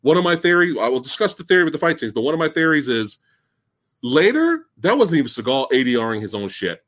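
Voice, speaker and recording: A man hosting a live-stream movie discussion who rants in an excitable, incredulous, profane way. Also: a little high, fast. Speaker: host.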